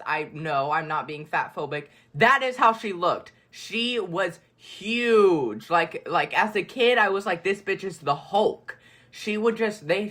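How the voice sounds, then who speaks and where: With a fairly bright, medium-pitched voice, a teen from Alabama narrates a draw-my-life storytime video as its creator. The talk rambles along chattily, with frequent cursing and moments of distraction from the drawing.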